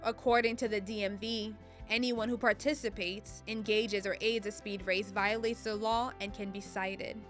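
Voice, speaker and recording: A woman giving scripted narration for a local cable TV profile, even and informative. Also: mid-range voice, moderate pace, few pauses, soft background music.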